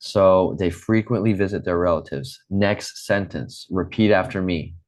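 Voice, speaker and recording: Low-voiced male English teacher, patient and deliberate, leading repetition drills over a video call. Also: darkish tone. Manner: slow, patient, repeats drills for students. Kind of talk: online English lesson.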